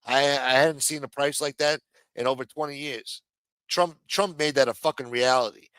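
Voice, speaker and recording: A man's voice: medium pitch, steady tone, normal speed, a bit bright, clean tone, dry recording. A middle-aged man from the United States hosting a livestream, ranting angrily and swearing constantly. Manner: profane, angry ranting. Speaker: show host. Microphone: streaming microphone.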